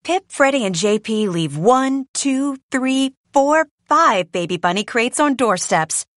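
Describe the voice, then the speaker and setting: Woman reading a kids book, super animated, dry close sound. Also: a little high, slow pace, no echo. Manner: lively, expressive. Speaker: storybook reader. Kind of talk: children's story read-aloud.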